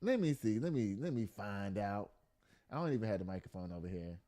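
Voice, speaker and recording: A man hosting a casual news commentary show, slangy and animated, reacting aloud as he reads headlines. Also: fairly low pitch, fairly quick.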